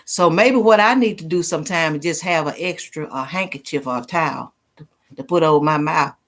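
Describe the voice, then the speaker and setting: A woman's voice: sits low, fairly quick, fairly bright tone. A middle-aged woman hosting a casual livestream, chatting with viewers and reading their comments. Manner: chatty, laughs easily, reads comments aloud. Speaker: livestream host. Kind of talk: casual live chat with viewers.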